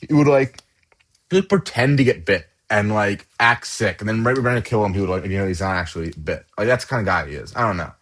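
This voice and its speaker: Male channel host, casual tier-list chatter, halting and full of fillers. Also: on the low side, a bit bright. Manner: rambling, halting, lots of fillers and restarts.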